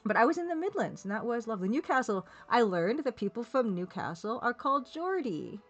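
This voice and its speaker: A woman's voice: fairly high pitch, big pitch swings, brisk, dull audio, faint music behind. A woman streaming live, chatting casually and rambling while reading viewers' comments, laughing now and then. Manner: chatty, rambling, laughs often, reads chat aloud.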